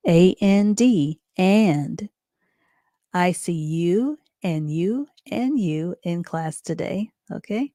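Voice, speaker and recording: Teacher type: unhurried woman, mellow lowish voice, patient, spells each letter out for beginners. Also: dry recording, studio quality. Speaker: reading teacher. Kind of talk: live online reading lesson.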